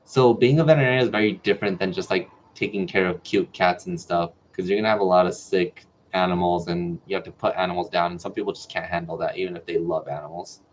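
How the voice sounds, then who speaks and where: A man's voice: sits low, fairly even intonation, quick pace, few pauses, a little hiss or hum. A man in his twenties from New Mexico hosting a casual livestream Q&A as a medical student, chatty, reading viewer comments aloud and answering them. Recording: dull lo-fi livestream audio.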